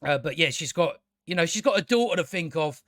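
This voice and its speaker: In a casual spoken TV review, a man with a slightly higher, somewhat bright voice rambles, animated and brisk, recorded dry and close. He stumbles and restarts frequently, swearing freely as his exasperation turns into a rant.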